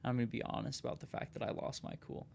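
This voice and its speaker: A man's voice: fast talker, darkish tone, slight background noise. A man hosting a casual podcast conversation, talking emphatically and often tossing in "dude", "man" and "right?". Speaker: podcast host.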